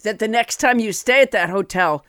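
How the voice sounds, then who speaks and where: A woman's voice: medium pitch, moderate pace, a bit bright, smooth, no echo, studio quality. A woman co-hosting a comedy podcast, making wry, jokey remarks in casual chat. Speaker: podcast host.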